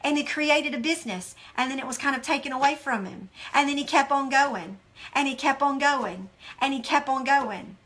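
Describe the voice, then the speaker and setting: A woman's voice: high-pitched, moderate pace, a bit bright. A woman hosting a motivational devotional talk, speaking with intense, emotional earnestness and addressing her listeners directly. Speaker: host.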